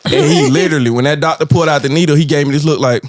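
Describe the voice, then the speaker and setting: A man's voice: on the high side, rapid-fire, no room sound, faint music behind. A man co-hosting a podcast, telling funny stories in casual chat, acting out voices and laughing often. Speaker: podcast co-host. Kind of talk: casual chat, animated storytelling.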